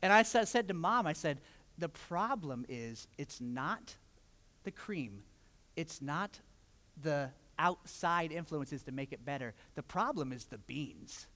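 A man preaching a sermon as pastor, telling stories and acting out quotes with lively energy. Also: on the high side. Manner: animated storytelling with acted-out quotes. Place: church sanctuary. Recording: long hall reverb.

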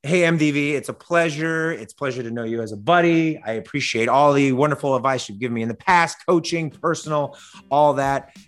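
A hoarse young man, a fitness coach on a podcast, talking in an energetic, jokey, hyped way. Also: mid-range voice, a little fast. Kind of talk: casual podcast chat.

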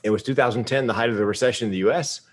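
A man in his fifties from the United States, telling a personal story in a public talk with comic timing and deadpan asides. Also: medium pitch, very fast. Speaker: speaker.

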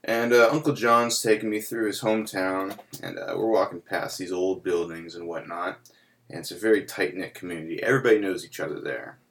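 A man with a fairly low voice telling a long-winded joke in relaxed podcast banter. He rambles with plenty of fillers and laughs at his own punchlines. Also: a little fast. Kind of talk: casual joke-telling chat.

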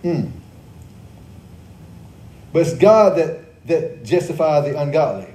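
A man preaches a sermon in a slightly high, mellow voice. He repeats key phrases, quizzes the congregation and adds joking asides. His voice rings through a roomy church. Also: sing-song, slow pace. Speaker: pastor. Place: church service.

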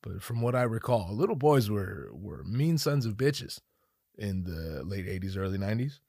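A man in his thirties hosts a solo casual podcast from a home room with a dog nearby, recorded on a studio mic with no echo. His voice is low, creaky and dark, sing-song at a moderate pace, as he rambles and jokes with plenty of profanity and self-mockery.

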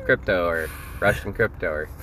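A man's voice: low voice, normal speed, sharp tone, a little hiss or hum. A man bantering playfully as a podcast guest.

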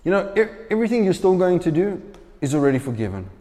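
A man preaching a sermon, telling a story with lively, acted-out quoted voices. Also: high-pitched, fast, long reverb tail.

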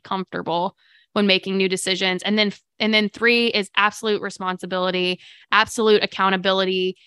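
A woman hosts a live morning podcast stream, chatting upbeat and loose with viewers and using plenty of fillers. Her medium-pitched voice is smooth, clear and a bit bright, recorded dry and close to the mic.

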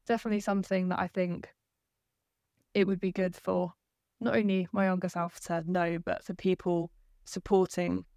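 A young woman at university, speaking thoughtfully and haltingly in a casual podcast chat. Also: lowish voice, creaky, darkish tone, no echo, clean studio sound. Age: young adult. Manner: halting, thoughtful, pauses mid-sentence. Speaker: university student guest.

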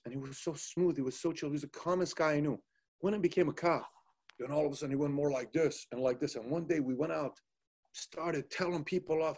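A man hosting an interview, telling stories in a lively, animated way and acting out what people said. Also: on the high side, brisk. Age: adult, former soldier. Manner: animated storyteller, acts out quotes. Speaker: interview host. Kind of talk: casual interview conversation.

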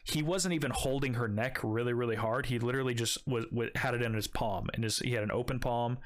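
A man's voice: medium pitch, fast. A young man telling a long, rambling story in casual chat, swearing often and filling gaps with "like" and "um.". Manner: rambling, profane, heavy filler words.

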